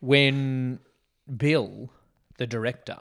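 A man co-hosting a laid-back film podcast, asking questions and playfully acting out lines from scenes. His voice sits at an ordinary middle pitch for a man. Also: very slow, creaky, fairly bright tone. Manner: talkative, questioning, acts out quotes playfully. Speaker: podcast co-host. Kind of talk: casual film discussion chat.

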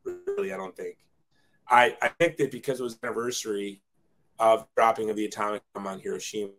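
A man's voice: lowish voice, fast talker, fairly bright tone. A man in his forties, a guest telling his life story in a casual, self-deprecating way, often acting out quoted dialogue.

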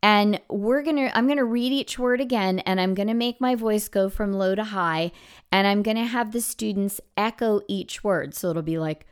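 A woman music teacher talks through classroom activities in a smooth, clear voice. She explains each step in an encouraging way and jumps her voice high or drops it low to show the children's parts. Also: moderate pace. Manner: lively, demonstrates with sudden high and low voice swoops. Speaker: elementary music teacher and podcast host. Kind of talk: instructional podcast talk.

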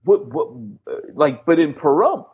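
A man co-hosting a podcast in casual banter, teasing his partner and cracking quick jokes. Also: on the high side, big pitch swings, darkish tone, breathy edge, highs cut off. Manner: teasing, playful, quick to joke. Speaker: podcast co-host.

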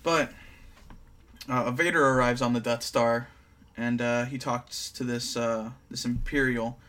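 Male co-host with a bright, forward voice and an even middle pitch; chatty, teasing recapper. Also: unhurried. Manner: teasing, matter-of-fact explainer. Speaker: podcast co-host. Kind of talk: casual movie recap chat.

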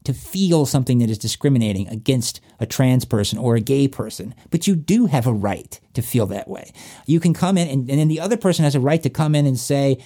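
Rambling man, dark mellow voice. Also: medium pitch, animated, fairly quick. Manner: rambling, restarts often, swears casually. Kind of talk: casual chat.

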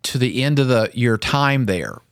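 A middle-aged man co-hosting a casual talk show, telling stories with animated energy and acting out voices. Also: mid-range voice, normal speed, no echo, clean studio sound. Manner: animated storyteller, acts out drill instructors. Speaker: podcast co-host. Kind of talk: casual chat.

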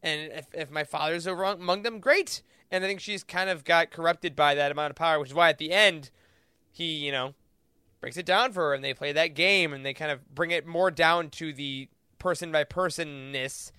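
A man with a bright, smooth voice and a fairly high pitch, recorded dry and close. He co-hosts a podcast and works through ideas aloud in a relaxed, thoughtful way, with plenty of fillers. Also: normal speed, dry recording. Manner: thoughtful, interprets at length with many fillers. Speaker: podcast co-host. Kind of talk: casual discussion.

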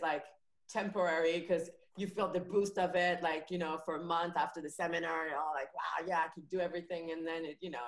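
Chatty woman in an echoey room. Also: deep voice. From France. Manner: chatty, laughs often, lively anecdotes. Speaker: podcast guest, comedian. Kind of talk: casual podcast chat.

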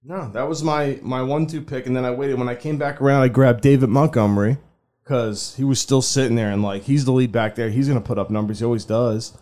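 A man's voice: medium pitch, fairly even intonation, brisk, dark tone. A man co-hosting a sports podcast, talking casually and loosely, swearing often and laughing. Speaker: podcast co-host.

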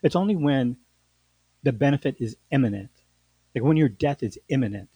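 Man, husky voice, dry close sound, casual storytelling host, animated with restarts. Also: mid-range voice, moderate pace, dry recording, low-quality recording. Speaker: podcast host and lawyer.

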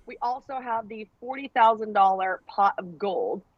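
A woman's voice: mid-range voice, normal speed, no echo, highs cut off. A woman co-hosting a casual podcast, chatty, announcing upcoming track events with some fillers.

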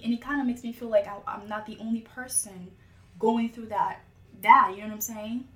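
A woman's voice: fairly high pitch, steady tone, fairly quick, a bit bright. A woman in casual conversation, telling a personal story with lots of filler words. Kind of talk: casual chat. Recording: echoey room with faint music.

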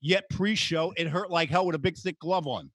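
A man hosts a podcast in a casual storytelling style. His voice sits a little high, and he gets animated, jumping into raised voices when he quotes people. The sound is close and dry. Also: normal speed, dry recording. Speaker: podcast host.

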